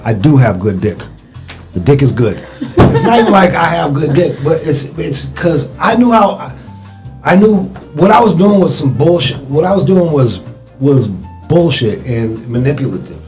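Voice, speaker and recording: A man hosts a podcast with a lively, swinging voice, pitched a little high, and a blunt, joking way of teasing his guest. Faint music sits behind him. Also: normal speed. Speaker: podcast host. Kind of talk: casual podcast chat.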